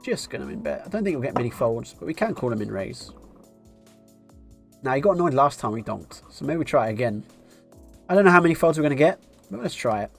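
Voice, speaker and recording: A man's voice: mid-range voice, sing-song, fast, creaky, pauses often, faint music behind. A man streaming live poker, musing through his decisions and thinking aloud with wry asides.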